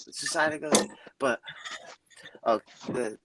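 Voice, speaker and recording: A man's voice: moderate pace, long pauses, very noisy. A man co-hosting a casual chat, telling a story and acting out quotes with big jumps in his voice. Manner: animated, acts out quotes with big pitch jumps. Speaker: co-host.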